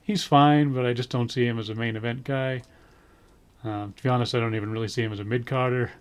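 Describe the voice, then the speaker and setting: A man's voice: mid-range voice, steady tone, quick pace, clear, resonant tone. A man giving a casual spoken review in a rambling way, full of ums, with dry sarcastic asides. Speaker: wrestling show reviewer.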